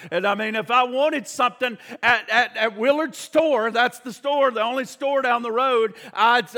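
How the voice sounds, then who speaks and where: A male preacher tells a story from the pulpit. His voice sits very high and sounds bright and forceful, and he is animated, rising to shouts at the peaks. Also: long reverb tail. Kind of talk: sermon.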